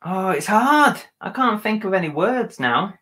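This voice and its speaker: English man co-hosting a live stream, bright forceful voice, joking and a little sheepish. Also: sits high, big pitch swings, measured pace. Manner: self-conscious, joking, hesitant. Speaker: co-host of a reselling live show. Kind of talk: casual live-stream chat.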